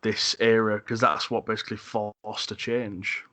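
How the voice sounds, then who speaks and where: A man hosting a podcast, chatting casually about films, halting and repeating words as he thinks. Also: fairly low pitch, little pitch movement, pushed and bright, no echo. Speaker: podcast host. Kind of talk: casual film discussion.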